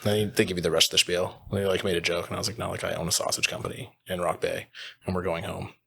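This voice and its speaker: A man from Canada, a butcher and business co-owner, telling animated anecdotes as a podcast guest, acting out the people in his stories. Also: low voice, rapid-fire, vocal fry. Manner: animated anecdotes with quoted voices and laughter. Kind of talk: casual podcast storytelling.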